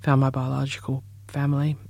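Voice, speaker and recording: A man's voice: medium pitch, brisk, gravelly, no room sound. A middle-aged man from Perth with an Australian accent, telling stories expressively in an interview. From Perth, Western Australia. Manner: expressive, animated storyteller. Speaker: musician, former journalist. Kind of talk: interview storytelling.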